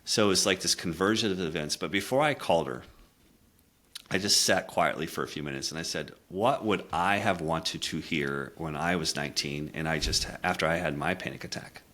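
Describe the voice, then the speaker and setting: With a rumbling low voice and a moderate pace, a middle-aged communication coach opens up with a candid personal story. He speaks earnestly and reflectively, falling quiet at emotional moments.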